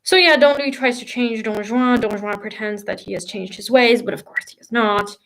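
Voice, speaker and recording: A woman's voice: on the high side, moderate pace, vocal fry, fairly bright tone, a little hiss or hum, rough recording. A woman hosting a casual livestream about a classic play, talking enthusiastically with plenty of fillers and restarts. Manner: enthusiastic, gushing, with frequent fillers. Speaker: literature channel host. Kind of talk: casual livestream book discussion. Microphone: home livestream mic.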